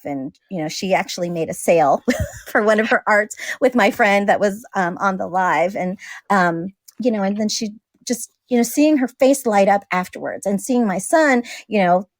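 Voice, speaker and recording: Casting note: talkative mom, mid-pitched, dry close recording, laughs easily. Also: female voice, no room sound. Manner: chatty, laughs often, acts out quoted dialogue. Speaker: guest; single mother. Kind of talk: casual conversation.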